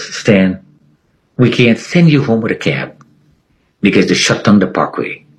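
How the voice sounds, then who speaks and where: A man with a fairly low voice tells his own story in a casual interview. His pitch swings widely as he acts out the dialogue of the people he met, with a storyteller's energy. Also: poor audio. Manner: animated, acts out quoted dialogue.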